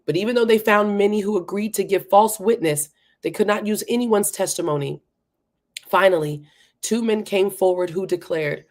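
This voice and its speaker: A woman reads Scripture aloud in an ordinary, mid-pitched voice, then slips into relaxed, conversational asides. She laughs at her own stumbles and talks to listeners directly. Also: moderate pace. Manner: breaks off to chat and laugh at herself. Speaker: Bible reading challenge host. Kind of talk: Scripture reading with casual commentary.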